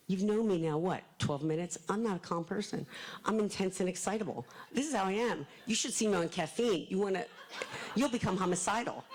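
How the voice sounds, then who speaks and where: Animated woman telling stories to an audience. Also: lowish voice, poor audio. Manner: animated, self-deprecating storyteller acting out quotes. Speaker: author speaking at a library event. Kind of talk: storytelling talk to a live audience.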